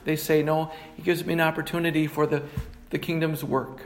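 A man's voice: on the high side, little pitch movement, fairly quick, slight background noise. A middle-aged man, a pastor, preaching a sermon and reading scripture passages in a plain teaching tone.

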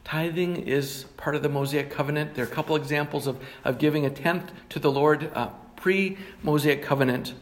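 A man's voice: fairly high pitch, normal speed, hardly any pauses. Man preaching a plain sermon. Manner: plain teaching tone with scripture readings. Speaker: pastor.

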